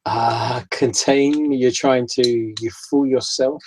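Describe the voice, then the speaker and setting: A man narrating a tabletop horror game as game master, in a halting way, repeating words and dropping low for dread. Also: fairly even intonation, a little mellow, a little hiss or hum, low-quality recording.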